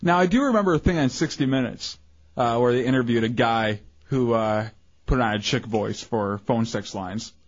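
A man co-hosting a crude comedy radio show, joking along in a relaxed way. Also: mid-range voice, moderate pace, no room sound, lo-fi sound. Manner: laid-back, laughing along, joking. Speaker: radio co-host.

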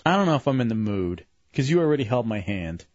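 A male radio host bantering and teasing his co-workers loudly. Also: medium pitch, very animated, quick pace, no room sound. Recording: lo-fi radio studio with faint music.

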